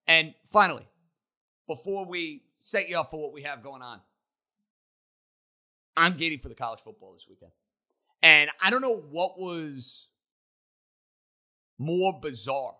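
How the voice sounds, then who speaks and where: A man hosting a sports talk show, holding forth on the week's games. His voice is very bright and a touch high for a man. He fires off emphatic, punchy opinions. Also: animated. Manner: emphatic, rapid-fire opinions. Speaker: sports radio host.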